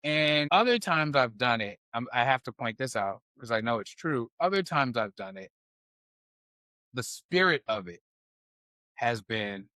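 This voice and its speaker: A man's voice: medium pitch, big pitch swings, measured pace, sharp tone, no room sound. A man hosting a casual chat, reflective and rambling with asides.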